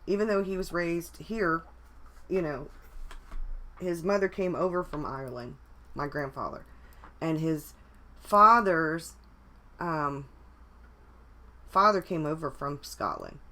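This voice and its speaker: Low-ish voice, woman rambling on a live coffee chat, lots of ums and restarts. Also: slow pace, long pauses, bright, forceful tone. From United States. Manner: rambling, with many restarts and fillers. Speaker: vlogger.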